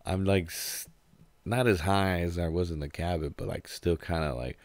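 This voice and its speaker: A man's voice: low-pitched, fairly even intonation, normal speed, a little mellow, no echo. A young man telling a casual, rambling story with heavy swearing and a laid-back way of talking.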